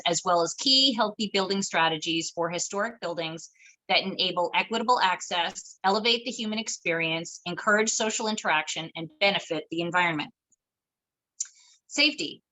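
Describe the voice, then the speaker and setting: A woman's voice: mid-range voice, pushed and bright, low-quality recording. A woman moderating an online webinar, reading formal announcements and learning objectives from a script. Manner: formal, announcing list items. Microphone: video call.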